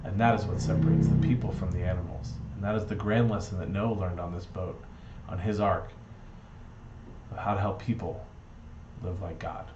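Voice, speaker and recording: Lowish-voiced man, earnest playful storyteller, echoey dull room. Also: moderate pace, noisy background. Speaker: speaker giving a Shabbat reflection. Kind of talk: storytelling reflection.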